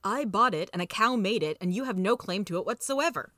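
A woman voicing a whiny, milk-obsessed little male mouse, shrill and pleading in a storybook reading. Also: lively intonation, brisk, pushed and bright, dry recording, studio quality. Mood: sulky.

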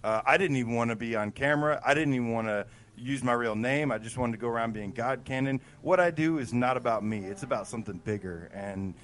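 A man's voice: medium pitch, brisk, hardly any pauses, fairly bright tone. A man co-hosting a casual gaming news show, talking earnestly and enthusiastically, with casual swearing. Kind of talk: casual chat.

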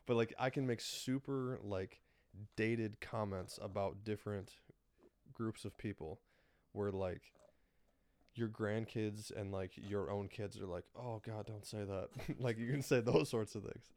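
A man's voice: fairly low pitch, unhurried, a little mellow. A young man co-hosting a podcast in casual chat, rambling with lots of fillers and frequent laughs. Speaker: podcast co-host.

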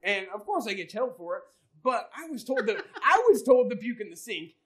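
A man's voice: sits high, sing-song, moderate pace, a bit bright. Laughing male podcast co-host. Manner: laughs through his own story, swears freely. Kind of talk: casual storytelling chat.

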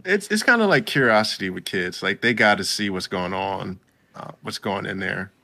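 A man with a very low, gravelly voice and a bright, forward edge, talking in an easygoing way. He chats casually as a co-host, slipping into characters' lines as he recaps. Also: expressive, normal speed. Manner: laid-back, acts out characters' lines while recapping. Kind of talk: casual chat.

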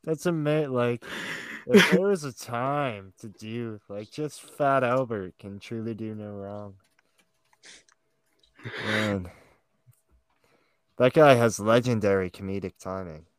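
A man's voice: mid-range voice, takes it slowly, long pauses, clean tone, no room sound. A young man co-hosting a casual chat with friends, joking, swearing freely and laughing often. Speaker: podcast co-host.

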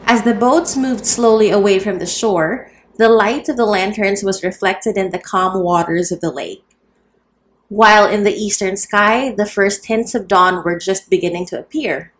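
A woman narrating a novel chapter aloud, raising her voice for the characters' lines. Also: normal speed. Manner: lifts pitch and volume for quoted characters. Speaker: audiobook reader. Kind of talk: scripted narration.

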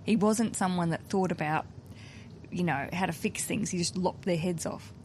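A woman hosting a casual podcast, with a brisk, cheeky, joking way of talking. She records on a train that is standing still, with a faint low rumble in the background. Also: a little mellow. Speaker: podcast host. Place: on a stationary train.

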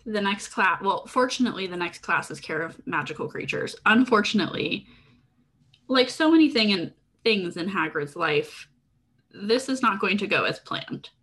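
A woman's voice: medium pitch, lively intonation, moderate pace, fairly bright tone, husky. A woman co-hosting a podcast, talking through a book in a casual, thoughtful and analytical way. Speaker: podcast co-host.

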